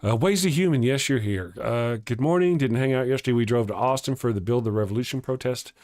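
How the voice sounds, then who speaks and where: A man's voice: medium pitch, quick pace, darkish tone. A middle-aged man hosting a casual livestream morning show, chatting, joking and greeting viewers, laughing often and restarting his words. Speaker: host of a live morning show. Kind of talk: casual livestream chat reading viewer comments.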